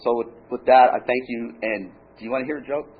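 A man telling his own story at a recovery meeting, in an animated way with halting restarts, then a joke. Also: mid-range voice, heavy background noise. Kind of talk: personal share and joke telling. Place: meeting room with an audience. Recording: dull lo-fi room recording, faint crowd.

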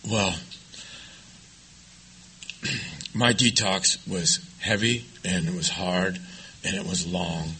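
A man sharing his own story of recovery with a live audience, confessional and self-mocking, swinging between hushed, quiet passages and loud laughing ones. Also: low voice, slow, long pauses, breathy edge, low-quality recording.

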